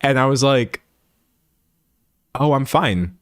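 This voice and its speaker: This young man from Texas streams from a home room with a set backdrop, chatting slowly with comments in a mid-range voice. The sound is dry and close, and he animatedly hams up quotes with mock-dramatic voices.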